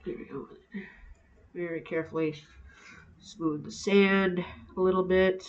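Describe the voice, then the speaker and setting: A woman chatting playfully to herself while building a craft project, often dropping to soft murmurs. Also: on the low side, steady tone, measured pace, dull audio. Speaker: craft vlogger. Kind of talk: casual narration while crafting. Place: indoors at a craft table. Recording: roomy echo.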